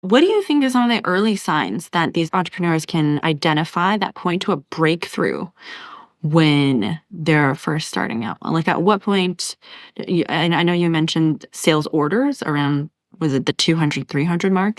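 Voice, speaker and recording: A woman's voice: sits low, lively intonation, normal speed, no echo. Podcast host woman, dry close voice. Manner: summarizes the guest's points and asks follow-up questions. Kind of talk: interviewing.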